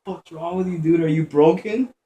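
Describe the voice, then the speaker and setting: A man's voice: a little high, normal speed, mellow. A young man commenting on his gameplay as he plays, swearing a lot, tensing up and muttering to himself. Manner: profane, jumpy, mutters to himself. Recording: echoey room, faint background noise.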